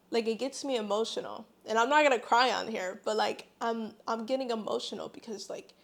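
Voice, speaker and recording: Young pregnant woman, sincere and faith-driven personal monologue, slightly higher voice. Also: gravelly. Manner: earnest and heartfelt, faith-filled. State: eight months pregnant. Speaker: vlogger.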